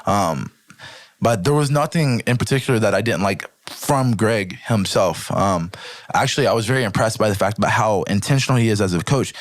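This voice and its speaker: Animated, dry-sounding man telling a story. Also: lowish voice, a little fast, dry recording. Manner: animated storyteller, swears casually, fillers like "like" and "right"; acts out quoted speech in a livelier voice. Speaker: podcast guest, jiu-jitsu athlete. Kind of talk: casual podcast conversation.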